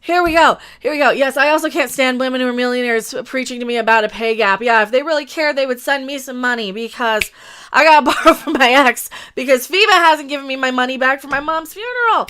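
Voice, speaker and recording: Woman host, ranting livestream talk, blunt and fairly high, bright tone. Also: clean tone. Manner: ranting, blunt, quick asides. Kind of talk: casual opinion livestream.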